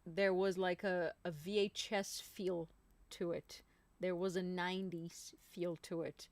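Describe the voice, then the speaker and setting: Woman, live stream host, casual rambling chat, slow pace, dry close sound. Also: on the low side, level tone, a little mellow, dry recording. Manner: chatty and rambling, addresses viewers as "my people". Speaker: singer hosting a live stream.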